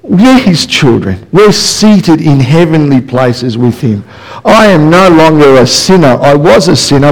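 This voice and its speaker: On the high side and captured in low-quality audio, a male pastor preaches a passionate, emphatic sermon full of rhetorical questions. It takes place at a church service that was also streamed.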